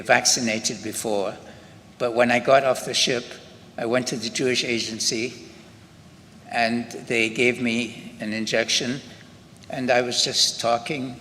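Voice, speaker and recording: An older man from Scotland with a Scottish accent, giving halting personal testimony at a memorial ceremony, often restarting his sentences. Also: medium pitch, a bit bright. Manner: unhurried, halting, with frequent restarts. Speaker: Holocaust survivor speaker. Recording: long hall reverb with faint ambient noise.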